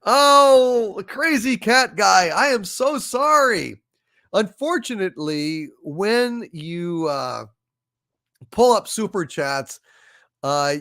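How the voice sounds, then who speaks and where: A man hosting a casual livestream, reading viewer chats aloud and thanking viewers, effusive and apologetic, often halting with fillers. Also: fairly high pitch, sharp tone. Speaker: livestream host. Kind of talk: casual live chat, reading super chats.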